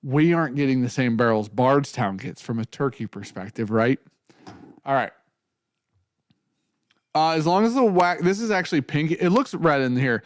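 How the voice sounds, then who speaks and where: A man's voice: mid-range voice, lively intonation, moderate pace, long pauses, no room sound. A man hosting a casual whiskey tasting, talking in a loose, joking way with plenty of swearing. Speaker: whiskey show host.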